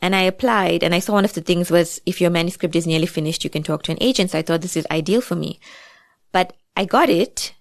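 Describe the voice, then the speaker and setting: South African woman author, guest on a podcast; lower voice, dry sound, reflective and chatty with many asides. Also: fast, vocal fry, no room sound. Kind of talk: casual podcast interview.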